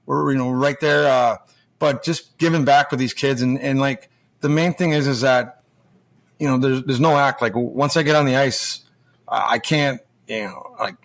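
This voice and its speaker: Steady in tone and moderate in pace, his voice sits in the mid range. This forties-aged former pro hockey player, now a junior coach, rambles through profane stories as a podcast guest, performing the quoted dialogue in a casual chat.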